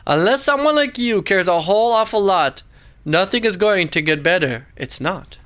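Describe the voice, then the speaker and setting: A man's voice: expressive, moderate pace, bright, forceful tone, clear, resonant tone. A man reading a rhyming storybook aloud in a dramatic, sing-song way. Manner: sing-song rhyming delivery, pitch swooping up and down.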